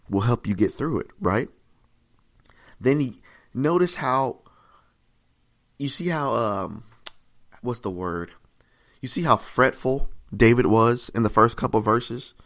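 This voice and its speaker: A man preaching a sermon in a conversational, repetitive way, often checking in with "right?" and rising in pitch and volume to stress a point. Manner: rises in pitch and volume for emphasis.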